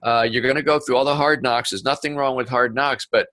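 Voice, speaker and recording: A man as an interview guest, talking in a conversational, animated way with quick asides and stories. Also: medium pitch, no room sound. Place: home office.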